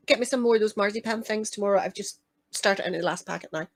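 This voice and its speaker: A woman hosting a band parade show, chatting casually with quick exclamatory asides. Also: medium pitch, fairly bright tone. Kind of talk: casual chat over parade footage.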